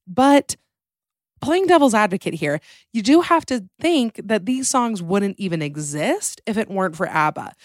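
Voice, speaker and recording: A woman's voice: mid-range voice, dry recording, clean studio sound. A young woman hosting a casual podcast, chatty and playful, acting out quotes. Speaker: podcast host.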